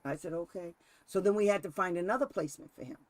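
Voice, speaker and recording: A man's voice: sits high, fast, no room sound. A man hosting a casual talk, telling a story with frequent laughs and acting out the quotes himself. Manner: animated storyteller, laughs often, acts out quotes. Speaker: special education advocate and host.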